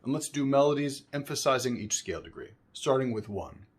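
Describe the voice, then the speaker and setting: A man giving a spoken music lesson, explaining calmly between sung examples, with violin playing behind him. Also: medium pitch, husky. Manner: unhurried, explanatory, breaks into singing syllables. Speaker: music teacher.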